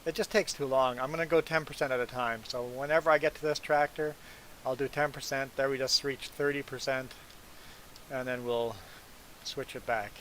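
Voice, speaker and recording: A man's voice: medium pitch, steady tone, normal speed, fairly bright tone, a little hiss or hum, rough recording. A man whose first language is not English, streaming a farming game and chatting casually and rambling to viewers. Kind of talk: casual chat while gaming.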